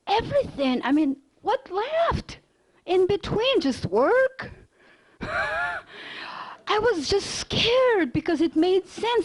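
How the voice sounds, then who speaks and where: Woman, high voice, middle-aged, lively lecture storytelling. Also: low-quality recording. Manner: lively storyteller with non-native grammar. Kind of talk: personal story told in a lecture.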